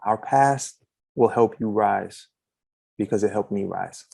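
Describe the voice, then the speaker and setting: A man's voice: lowish voice, slow pace, vocal fry, dry recording. A man being interviewed as an author, telling stories in casual chat and acting out quotes on a video call. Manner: animated storyteller, acts out quotes. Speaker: author guest.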